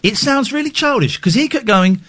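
Animated man hosting radio. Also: very high-pitched, fairly quick. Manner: candid, self-deprecating, rambling with restarts. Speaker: radio host. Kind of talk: late-night radio phone-in chat.

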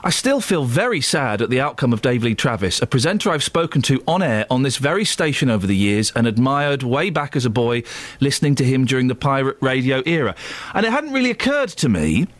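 Lively man hosting radio. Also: mid-range voice, brisk, no echo. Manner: playful, chatty, self-mocking. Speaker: radio host. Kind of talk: casual radio chat. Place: radio studio.

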